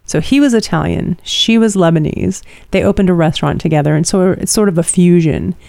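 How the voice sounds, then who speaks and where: Middle-aged woman co-host, rambling chatty delivery, fairly low warm voice, dry close sound. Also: fairly quick, vocal fry, no room sound. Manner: rambling and chatty, many fillers. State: tired. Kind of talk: casual chat, personal storytelling.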